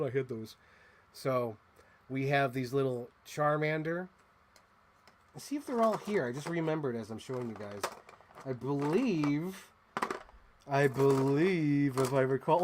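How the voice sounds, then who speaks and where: A chatty man hosting a casual unboxing video, quick to gush with excitement. His pitch moves in a lively, animated way as he talks. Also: background noise. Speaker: host. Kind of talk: casual toy unboxing chat.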